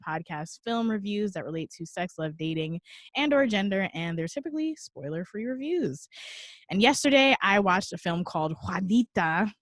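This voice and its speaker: A woman co-hosting a podcast in a frank, joking way, walking through a film review from her notes. Her voice sits a little low and sounds close and dry. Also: no echo. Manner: candid, joking, reads notes aloud. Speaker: podcast co-host.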